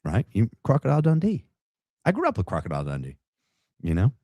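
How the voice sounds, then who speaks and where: A man hosting a casual commentary stream, sarcastic and rambling as he mocks what he is reacting to. His low voice rises and falls a lot, recorded dry and close. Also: wildly swooping pitch, fast, mellow, no echo. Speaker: commentary show host.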